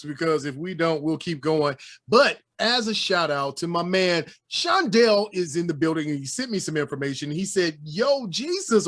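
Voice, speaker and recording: A man from Northwest Indiana hosting a casual sports talk show, joking and animated with preacher-like flourishes. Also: a little high. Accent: American, Northwest Indiana. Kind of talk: casual sports podcast banter.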